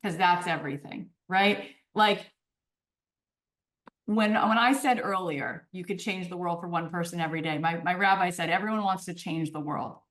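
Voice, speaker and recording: A woman in her forties, a podcast guest telling stories in an animated conversational way, often checking in with "right?" and "okay?". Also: fairly low pitch, moderate pace, distant mic. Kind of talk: storytelling in conversation. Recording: roomy echo.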